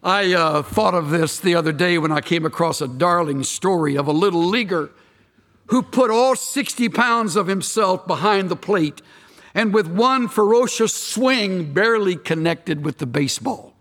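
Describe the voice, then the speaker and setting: A man's voice: high-pitched, lively intonation, normal speed, fairly bright tone, long reverb tail. A man pastor preaching a sermon, emphatic and full of rhetorical questions and wry asides.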